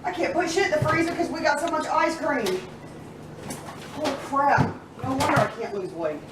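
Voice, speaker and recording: A woman's voice: high-pitched, normal speed, very noisy. Giggly woman in an echoey kitchen. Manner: chatty, giggly, talks to her pets. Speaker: cooking vlogger. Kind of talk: casual cooking vlog chat. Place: home kitchen. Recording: echoey room, somewhat far from mic.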